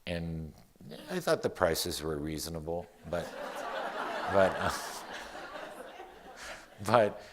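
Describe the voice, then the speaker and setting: A male poet from Miami speaks to a live audience in a low, easy voice. He jokes at his own expense and then reads his poem with lively, building emphasis. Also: takes it slowly, pauses often, slight background noise. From Miami, United States. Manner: relaxed, wry, self-deprecating humor. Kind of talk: public talk and poetry reading. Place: live event before an audience.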